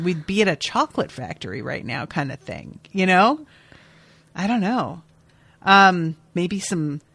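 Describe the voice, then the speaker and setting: A woman hosting a podcast casually recaps a TV episode, chatty and expressive, with the occasional swear word. Her voice is fairly low-pitched, and there is no room sound.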